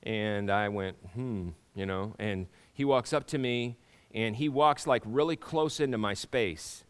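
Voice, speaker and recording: A man's voice: lowish voice, smooth. Middle-aged man, pastor, casual sermon voice, stop-start phrasing, keeps questioning the room. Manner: conversational, halting restarts, rhetorical questions to the congregation.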